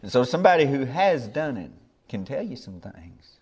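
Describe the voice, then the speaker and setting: A man's voice: mid-range voice, sing-song, normal speed, darkish tone, slightly rough. An older man, a preacher giving a sermon in a folksy, plainspoken way, earnest and building to emphatic peaks.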